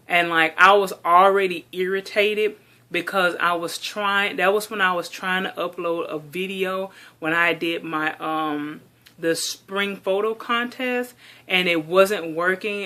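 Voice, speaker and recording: Chatty woman with a bright, pointed voice. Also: fairly low pitch. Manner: chatty and exasperated, heavy use of "like". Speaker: doll collector vlogger. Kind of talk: casual vlog monologue.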